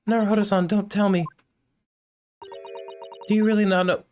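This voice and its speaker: A woman's voice: medium pitch, level tone, normal speed, darkish tone, slight background noise, pitched above the performer's own voice, lightly acted. A man doing a prim, polite young woman. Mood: earnest.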